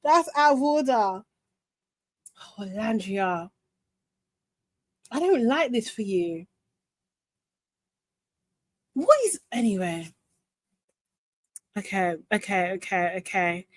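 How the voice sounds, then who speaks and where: A woman's voice: mid-range voice, no echo. A woman hosting a live reaction chat, exclaiming and laughing as she reacts. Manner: animated, quick to exclaim, laughs often. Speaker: host of a live show debrief.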